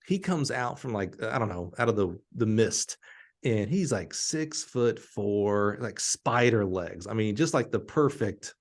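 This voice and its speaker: A middle-aged man from Alabama, hosting a podcast and telling a story in an animated, laughing way. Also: on the low side, measured pace. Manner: animated, laughing storyteller who acts out quotes. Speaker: podcast host.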